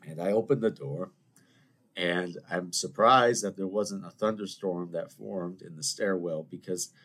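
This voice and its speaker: A young man, talking on his own podcast. His voice sits fairly low, and he rambles from one story to the next in an animated, self-mocking way. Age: 20s. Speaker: podcast host. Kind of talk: casual solo rambling chat.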